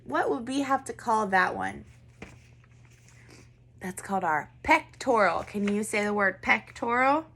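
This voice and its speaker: Speaking a little slowly with frequent pauses, this woman has a slightly high, fairly bright voice and lively intonation. In her first grade video lesson she encourages the children, poses questions, and asks them to repeat words.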